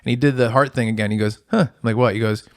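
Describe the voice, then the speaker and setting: A man's voice: on the low side, steady tone, rapid-fire, no echo. Comedy podcast co-host, male, anecdotal storyteller, dry close sound. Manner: storytelling, acts out quoted people. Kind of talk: casual comedic chat. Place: podcast studio.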